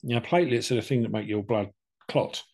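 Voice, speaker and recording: A man's voice: mid-range voice, fairly quick, a little mellow. An older man, casually telling a personal story and acting out both sides of the conversations. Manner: chatty, plain-spoken, acts out both sides of conversations. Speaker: podcast co-host telling his cancer story.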